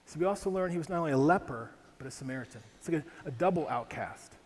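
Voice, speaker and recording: A male pastor preaching a sermon in an animated way, asking rhetorical questions and slowing down to read scripture. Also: a little high. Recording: hall reverb with faint ambient noise.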